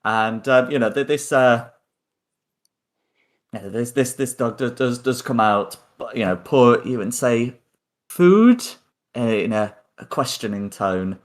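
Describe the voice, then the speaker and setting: A man's voice: medium pitch, fairly even intonation, unhurried. Hesitant man running a tabletop game. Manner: hesitant, lots of ums and repeated words. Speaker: game master.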